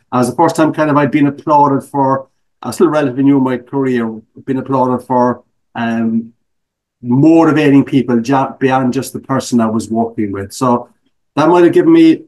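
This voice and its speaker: A man's voice: mid-range voice, a little mellow. A middle-aged man from Ireland with an Irish accent, a guest speaker telling stories in a casual interview with self-mocking humor.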